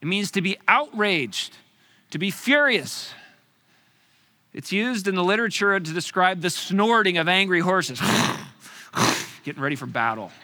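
A man preaching a sermon, with dramatic pauses and rhetorical questions, swinging from loud emphasis to hushed near-whispers. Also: high-pitched, expressive.

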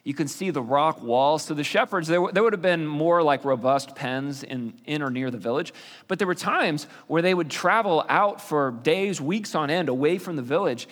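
A man's voice: a little high, normal speed, a bit bright. A man teaching a sermon in a conversational way, explaining with fillers and restarts. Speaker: pastor. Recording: long reverb of a hall.

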